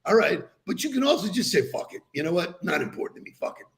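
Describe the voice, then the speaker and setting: A man's voice: sits high, very animated, fast talker, vocal fry, a bit bright. A man co-hosting a podcast in casual chat, playful and laughing often. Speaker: podcast co-host.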